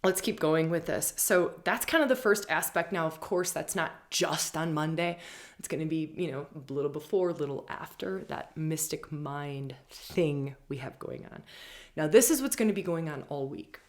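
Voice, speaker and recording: A woman's voice: sits low, normal speed. A woman hosting an astrology forecast, talking emphatically and repeating key phrases. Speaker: astrology show host. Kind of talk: spiritual astrology forecast talk.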